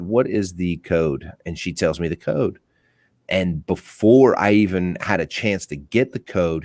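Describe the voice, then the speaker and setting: A man with a lowish voice tells work stories in a loose podcast chat, animated and quick to laugh. The sound is dry and close, with no room behind him. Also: no room sound. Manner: laughing, animated storyteller who acts out voices. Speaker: police officer and apartment courtesy officer.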